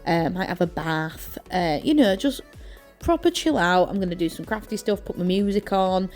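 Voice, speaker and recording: A woman's voice: on the low side, animated, moderate pace, darkish tone. Young woman, East Yorkshire accent, crafting vlogger, chatty rambling delivery, light music bed. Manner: chatty and rambling, many fillers and self-corrections. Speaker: journaling vlogger. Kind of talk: casual chat to camera while crafting. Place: at home.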